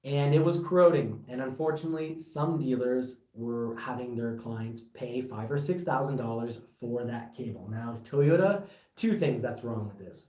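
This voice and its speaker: Male car vlogger, mid-pitched, passionate and rambling, recorded off-mic with room echo. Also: normal speed, recorded from a distance. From Canada. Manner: animated, gets worked up, rambling restarts. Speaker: car reviewer. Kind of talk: casual vlog commentary. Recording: echoey room, voice a bit off-mic.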